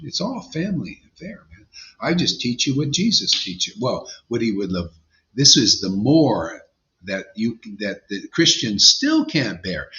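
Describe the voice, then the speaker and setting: A man's voice: medium pitch, bright, forceful tone, lo-fi sound. A man giving an informal devotional sermon as a spiritual teacher, blunt and emphatic, with slangy asides.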